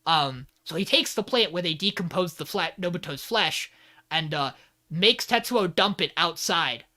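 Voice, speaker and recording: A man's voice: fairly high pitch, expressive, moderate pace, sharp tone. A man co-hosting a podcast in casual chat. He recaps an episode with lots of filler words and some swearing, and he acts out the lines of the characters. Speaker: podcast co-host.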